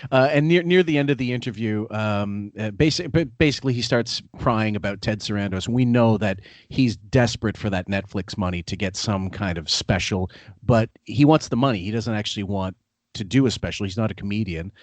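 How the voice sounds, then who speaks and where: Man, podcast host, lower voice, blunt and dismissive, dry close recording. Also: brisk, no echo. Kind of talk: casual podcast discussion.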